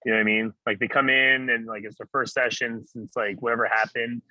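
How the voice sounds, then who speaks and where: A man's voice: medium pitch, level tone, fairly quick, bright, forceful tone, dry recording, highs cut off. A man in a podcast conversation, talking casually and thoughtfully with many fillers.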